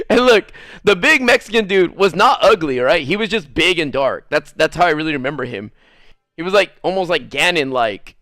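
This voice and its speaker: A man streaming a game while telling a story in casual chat, animated, swearing freely and laughing often. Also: fairly high pitch, normal speed, no echo, clean studio sound.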